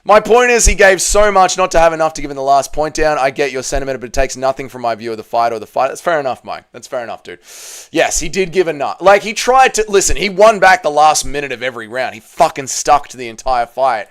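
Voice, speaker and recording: A man's voice: animated, fast talker. A man hosting a casual livestream, reading chat aloud and swearing, his voice climbing when upset. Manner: emotional, repeats himself, swears, rises in pitch when upset.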